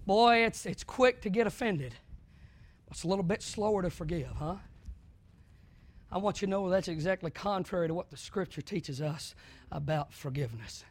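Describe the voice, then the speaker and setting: A male preacher delivering a sermon with dramatic swings from hushed to shouting. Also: high voice, moderate pace.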